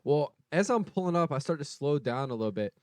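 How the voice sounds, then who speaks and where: A young man co-hosting a podcast, telling a road rage story in a casual, profane, animated way. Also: on the high side, fairly quick, dry recording. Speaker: podcast co-host.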